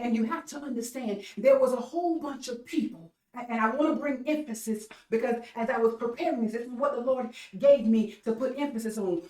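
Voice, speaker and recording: A woman's voice: on the high side, a little mellow. A woman preaching an online sermon, repeating phrases in a call-and-response rhythm with stammered restarts. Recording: echoey room, voice from far off mic.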